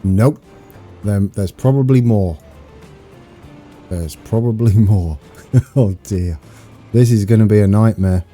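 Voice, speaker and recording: British guy streaming a game, low mellow voice, super excited and chatty, bit of music behind. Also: takes it slowly, long pauses. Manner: excitable, chatty, talks to viewers. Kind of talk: live gameplay commentary.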